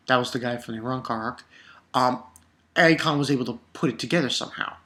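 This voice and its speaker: A man reviewing a comic chapter in a casual vlog, talking in an excitable, rambling way and swearing often. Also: medium pitch, quick pace.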